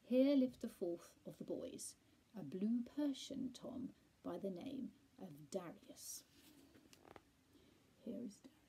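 A woman reading a bedtime story aloud, soft, with hushed asides to a listener. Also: medium pitch, expressive, takes it slowly, a little hiss or hum, low-quality recording.

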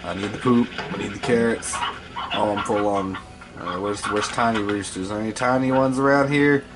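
A man's voice: fairly low pitch, normal speed, background noise. A man giving profane, scolding commentary while playing a video game. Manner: foul-mouthed, scolding the game creatures. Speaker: gameplay host.

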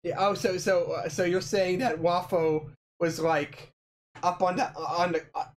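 A woman's voice: lowish voice, level tone, measured pace, a little hiss or hum. A woman chatting casually on a live gaming stream, playful and giggly, often stammering and repeating herself. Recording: game music behind.

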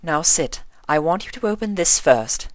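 A man's voice: a little high, expressive, dry recording, voice pushed up, lightly acted. A man voicing a haughty, refined female unicorn fashion designer in a posh, theatrical manner, in an audiobook reading. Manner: posh, theatrical, drawn-out vowels.

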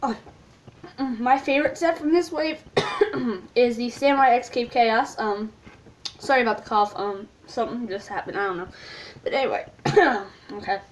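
Woman, channel host, casual recap, rambling, lots of ums, somewhat high voice. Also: normal speed. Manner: rambling with many ums and restarts. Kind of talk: casual video recap talk.

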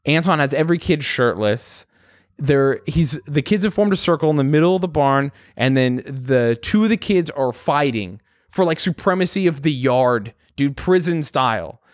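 A young adult man, a guest comedian, telling a story in casual chat, animated and swearing freely as he acts out voices. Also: a little high, moderate pace, no echo, studio quality.

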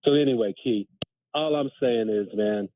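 A man's voice: medium pitch, moderate pace, no echo. A man calling in to a sports talk show, hesitant and stammering as he tries to make his point. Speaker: caller. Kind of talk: call-in sports radio. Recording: tinny phone line.

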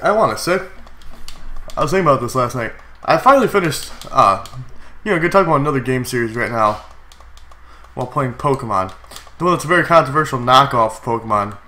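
A young man with a stuffy, congested cold voice gives chatty, excitable commentary while playing a game, with sudden yelps. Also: medium pitch, brisk, long pauses. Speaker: gaming YouTuber. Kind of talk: casual Let's Play commentary.

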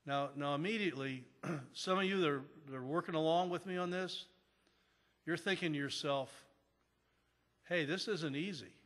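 A man's voice: on the high side, normal speed, a bit bright. Earnest man preaching in a reverberant church. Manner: earnest, repeats phrases for emphasis. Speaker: pastor. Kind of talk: sermon. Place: church sanctuary.

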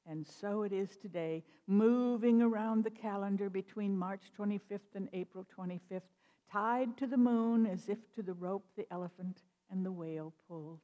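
A woman minister giving a sermon, speaking in a measured, expressive storytelling manner. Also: mid-range voice, phone-quality sound. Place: church sanctuary. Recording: long reverb of a church hall.

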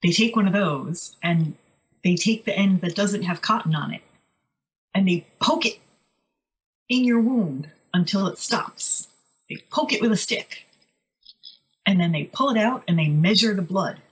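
A woman's voice: medium pitch, expressive, a little slow, long pauses, low-quality recording. A woman co-hosting a podcast, telling stories in a chatty, wry, casual way. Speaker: podcast co-host. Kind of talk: casual chat.

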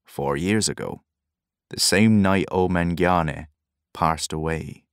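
A man voicing a tired old grey-haired fisherman who speaks in a slow, soft mutter, in an audiobook. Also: low voice, smooth, dry recording, clean studio sound. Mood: weary.

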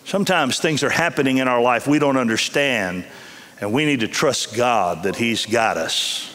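A man's voice: medium pitch, moderate pace, pushed and bright. A middle-aged man preaching a sermon in a university chapel, telling a story animatedly and acting out voices. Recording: long reverb of a chapel hall.

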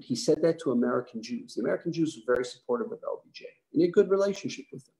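A man, a rabbi, giving a history lecture with animated storytelling, emphatic and asking the audience questions. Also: on the high side, quick pace, vocal fry, poor audio.

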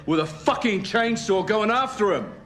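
A man's voice: high voice, lively intonation, normal speed, fairly bright tone, soft background music. An actor playing a domineering, aggressive man who swears constantly and spits out every word with emphasis. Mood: taunting. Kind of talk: TV drama acting.

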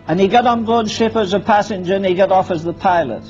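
A man's voice: high voice, fast talker, few pauses, a little mellow. A man preaching a sermon, firing rhetorical questions at the congregation and acting out Bible scenes in dialogue. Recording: dull lo-fi sermon recording with faint music.

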